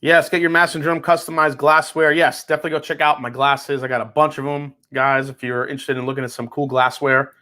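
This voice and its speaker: A man's voice: medium pitch, level tone, quick pace, hardly any pauses, bright, forceful tone. A man hosting a live whiskey tasting stream, chatting casually and swearing now and then. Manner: laid-back, swears casually, laughs easily. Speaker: whiskey reviewer, livestream host.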